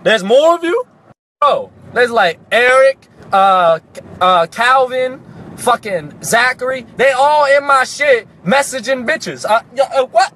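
A young man casually telling a comic story, animated and profane, breaking into sudden shouts. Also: extremely high pitch, slow pace. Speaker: comedic storyteller.

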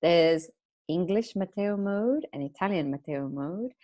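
A woman with a fairly low voice co-hosts a relaxed podcast. She tells personal stories in a chatty, easygoing way, full of quick asides. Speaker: podcast co-host. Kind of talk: casual conversational podcast.

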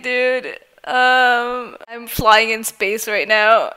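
A woman's voice: on the high side, steady tone, very slow, pushed and bright, smooth. A young woman playing a game on camera, chatting with other players, giggling often. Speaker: gaming YouTuber. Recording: game music faintly behind.

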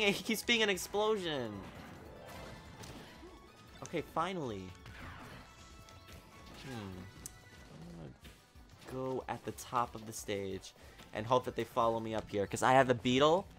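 A man giving live gameplay commentary, excitable and exasperated, breaking into sudden shouts. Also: mid-range voice. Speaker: gaming video creator.

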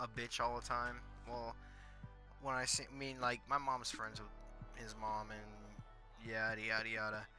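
Teen guy, crude rambling storyteller, bright voice, faint music underneath. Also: mid-range voice. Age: teens. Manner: rambling and crude, heavy on fillers and profanity.

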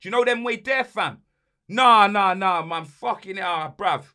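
A young man with a high voice hosts a football podcast, ranting angrily about his team's loss in heavy slang. His delivery is a little slow, pushed and bright. He's a football fan venting in a heated rant.

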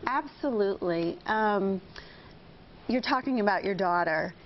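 A woman's voice: mid-range voice, lively intonation, a little slow. A woman guest on a TV talk show, explaining parenting techniques in an upbeat way. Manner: upbeat, explains with acted example phrases. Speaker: parenting workshop instructor. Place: TV studio. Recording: slightly dull TV audio with faint hiss.

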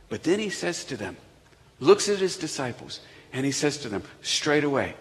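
A man preaching a sermon to a congregation, telling the story dramatically and swinging from loud emphasis down to near-whispers. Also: a little high, big pitch swings, moderate pace. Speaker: pastor. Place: large church sanctuary. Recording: reverberant church hall.

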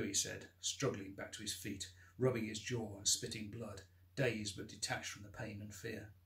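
A man reading aloud from his own novel in a measured, expressive narration with dramatic emphasis. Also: on the low side, gravelly. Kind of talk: audiobook-style scripted narration.

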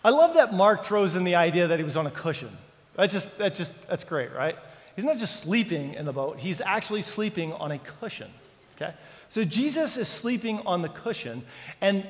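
A man preaching a sermon as pastor, dramatic and full of questions to the congregation. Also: high voice. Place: church sanctuary. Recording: church hall reverb.

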